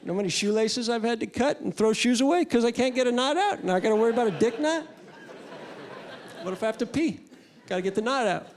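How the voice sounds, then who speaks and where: A male stand-up comedian doing a crude, deadpan, rambling set on a club stage into a handheld mic. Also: very high voice, quick pace. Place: comedy club stage before a live audience. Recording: live club with loud crowd noise.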